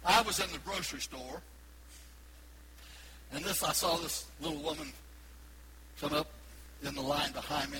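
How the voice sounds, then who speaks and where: A pastor preaching a sermon, swinging from loud emphatic peaks to hushed asides. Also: male voice, mid-range voice, background noise. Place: church sanctuary.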